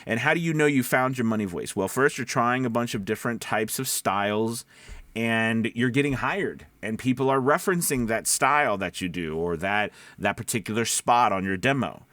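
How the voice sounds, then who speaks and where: A man, a voice-over actor, giving casual advice that drifts off topic and back, speaking low from the back of his throat. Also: animated, moderate pace, a bit bright, dry recording. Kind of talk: casual advice talk to camera. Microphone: studio microphone.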